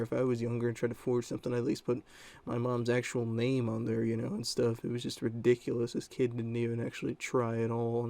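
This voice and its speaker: A man's voice: medium pitch, dark tone, no room sound. A young man telling a story-time vlog in a rambling, casual way full of fillers. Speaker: storyteller vlogger.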